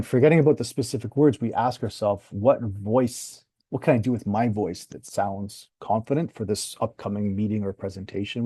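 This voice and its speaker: Calm guy coaching a workshop, a bit husky, dry close mic sound. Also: fairly low pitch, no room sound. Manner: calm, measured, acts out sample phrases. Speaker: communication coach. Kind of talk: workshop teaching.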